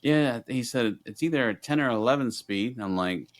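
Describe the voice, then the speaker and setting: A man's voice: mid-range voice, expressive, normal speed, noisy background. A middle-aged man co-hosting a podcast, telling a story in casual chat and acting out both sides of the conversations. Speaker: podcast co-host.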